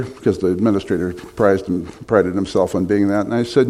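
A man's voice: deep voice, a little fast, few pauses, darkish tone. A middle-aged man preaching a sermon, telling stories with emphatic, rising stresses.

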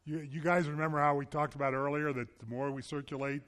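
A man's voice: fairly high pitch, steady tone, quick pace, a bit bright. A man leading a group, prompting the speaker with brief encouraging interjections.

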